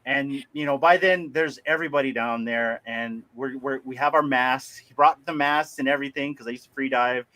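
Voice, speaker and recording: Animated man telling a story. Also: medium pitch, moderate pace, few pauses. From Hawaii. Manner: animated, laughing, acts out voices. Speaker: livestream host. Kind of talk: casual storytelling.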